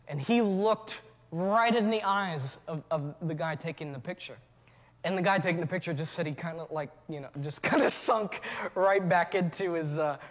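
A man preaching a sermon as pastor, moving from relaxed storytelling to shouted calls to his church. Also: fairly high pitch, long reverb tail.

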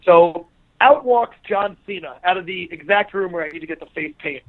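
A man's voice: sits high, moderate pace. A man, a wrestler guest, telling a casual anecdote and acting out the people in it. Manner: acts out quoted people in an anecdote. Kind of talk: casual storytelling interview. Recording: tinny phone line.

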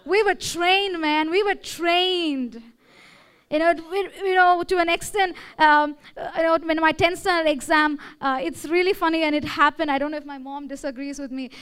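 Preaching briskly and with barely a pause, a young woman with an Indian English accent uses a high, steady, slightly bright voice. She treats the sermon like a conversation, often asking "okay?" or "all right?".

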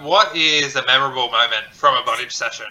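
Aussie guy cohosting a podcast, really bright tense voice, swears a lot, pokes fun at himself. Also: mid-range voice, brisk, low-quality recording. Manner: animated, swears freely, self-deprecating storyteller. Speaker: podcast co-host. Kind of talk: casual chat.

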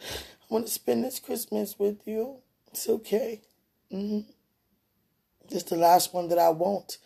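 Gravelly husky woman praying on livestream. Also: mid-range voice, slow. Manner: talks aloud to God, swings between tearful and soft. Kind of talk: emotional livestream monologue and prayer.

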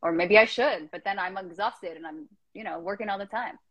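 A woman with a mid-range voice chats as a guest on a live stream. She talks in animated, rambling runs and laughs often. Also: mid-range voice, fairly quick, breathy edge, dry recording, rough recording. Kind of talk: casual chat. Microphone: Instagram Live stream.

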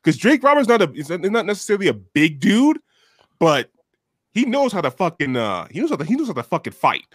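Lively, slightly high-voiced man, casual talk. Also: brisk, no echo, studio quality. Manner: rambling, profane, many fillers and restarts. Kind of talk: casual chat.

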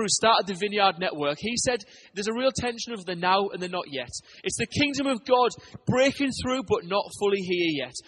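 A man preaching a sermon to his church, telling stories and swinging between loud urgent lines and hushed ones. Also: high-pitched. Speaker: pastor.

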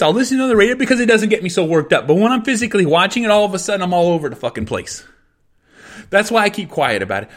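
A middle-aged man hosting his own podcast, ranting angrily and swearing constantly as he repeats his points. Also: high-pitched. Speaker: podcast host. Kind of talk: profane solo rant.

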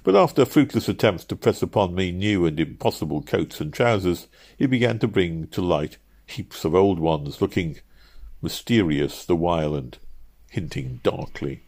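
A man narrating an audiobook in a measured, steady reading. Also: low voice, vocal fry.

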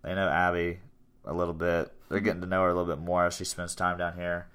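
Low-voiced yet fairly bright and clean in tone, this young gym owner in his twenties talks fast with a completely flat delivery. Hosting a casual podcast about his gym, he rambles along upbeat and self-promoting.

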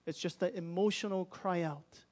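A man's voice: high-pitched, moderate pace. A young man preaching a sermon in an earnest, conversational way, acting out people's inner thoughts as he explains. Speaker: pastor.

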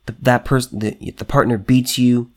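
A man's voice: medium pitch, little pitch movement, moderate pace. A man hosting a solo commentary show, talking emphatically, repeating himself and restarting, and reading news items aloud.

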